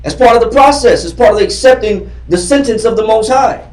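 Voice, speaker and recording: A man's voice: high-pitched, lively intonation, fairly quick, a little mellow. A man teaching a Bible class in a classroom, fervent and repetitive, quizzing his readers as he goes. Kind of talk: emphatic scripture teaching. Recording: roomy classroom from far off.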